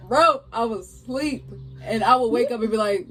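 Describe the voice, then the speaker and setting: A young woman co-hosting a casual chat, telling stories in an animated way with lots of laughter. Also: on the high side, a little slow. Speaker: podcast co-host.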